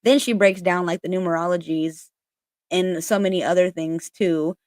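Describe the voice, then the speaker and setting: A woman's voice: on the low side, fairly even intonation, normal speed, darkish tone, no echo. Chatty, swearing woman with dry sound. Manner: chatty, swears casually, many fillers. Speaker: spiritual content creator. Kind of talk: casual chat, reading aloud.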